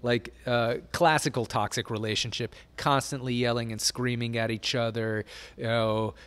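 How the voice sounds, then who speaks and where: A man's voice: mid-range voice, fairly even intonation, moderate pace, fairly bright tone, smooth. A middle-aged man telling stories as an interview guest, rambling with many fillers and frequent laughter. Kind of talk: casual storytelling interview.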